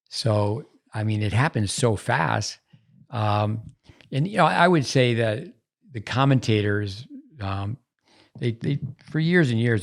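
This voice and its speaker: A man with a low, gravelly voice talks casually on a podcast as host. He rambles from story to story in an easygoing, digressive way. His tone stays conversational rather than polished.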